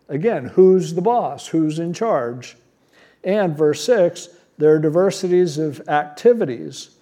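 Guy pastor giving a sermon, kinda high mellow voice, chatty plain teaching style. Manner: conversational, plain-spoken teaching with rhetorical questions.

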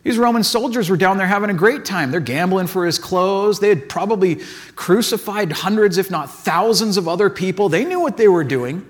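A man delivers a sermon in an easygoing, chatty way, his voice pitched high for a man and bouncing all over. He tells stories with plenty of "like" and little acted-out asides. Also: animated, fairly quick. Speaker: pastor. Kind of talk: casual conversational sermon.

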